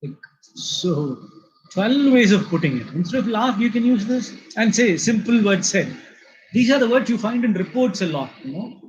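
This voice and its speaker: A man from India gives a vocabulary lecture in a high-pitched voice. He explains patiently, repeats his word lists and fills pauses with "uh" and "you know". The recording sounds dull and lo-fi. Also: animated, a little hiss or hum. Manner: explanatory, repeats words, many fillers. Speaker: English lecturer.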